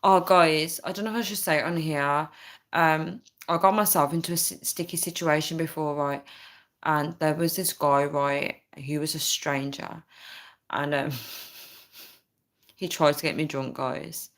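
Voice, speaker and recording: A young woman talks casually to her viewers in a slightly low voice. She tells a personal story and reads out live comments, keeps checking in with "right?" and "guys", and breaks into laughs now and then. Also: fairly even intonation, unhurried, a bit bright. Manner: chatty, frequent "right?" and "guys", laughs often. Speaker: vlogger reading live chat.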